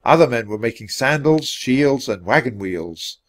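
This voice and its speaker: Read-aloud narrator: man, mid pitch, animated delivery, clear for learners. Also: normal speed. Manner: clear, expressive storytelling. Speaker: storybook reader.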